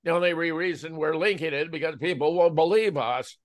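A male host reading out news stories in a steady, measured way before handing over to his guest. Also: a little high. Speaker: show host.

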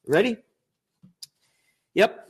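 An older man, an author reading from his book and breaking into profane, shouted rants. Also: drawn-out words. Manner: profane ranting with shouted outbursts.

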